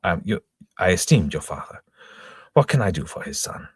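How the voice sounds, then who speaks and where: In a dry, clean studio recording, a man performs a full character voice pitched above his own: a stern, commanding middle-aged captain. The deep, breathy-edged delivery is very animated and fatherly, raised and emphatic at a moderate pace.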